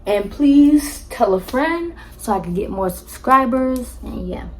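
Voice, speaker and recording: A young woman telling a personal story to her viewers in a casual, animated way, talking to them directly and acting out what others said. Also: a little slow, slight background noise, rough recording. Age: young adult. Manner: animated, acts out quotes with jumps in pitch; addresses viewers directly as y'all. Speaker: storytime vlogger.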